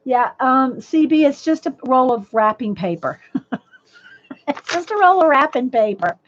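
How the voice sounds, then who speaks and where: Chatting casually as she streams a colored-pencil lesson, this host speaks in a high, animated voice without hurrying. She rambles, restarts often, addresses viewers by name, and her voice crackles slightly through a desk mic with dull, dry lo-fi sound.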